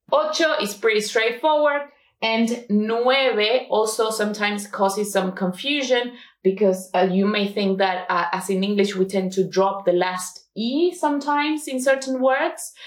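Slow, patient woman teaching Spanish. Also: medium pitch, echoey room. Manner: slow, patient, models words for repetition. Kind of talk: language lesson.

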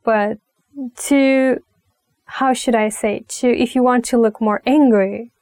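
A young woman with a Turkish accent teaches a language lesson at an unhurried pace. Her voice sits slightly high and sounds close and dry, with no room around it. She repeats phrases patiently and often stops to search for the right word. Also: darkish tone, dry recording. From Turkey. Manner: slow, patient, repeats phrases with frequent fillers. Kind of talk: relaxed spoken language lesson.

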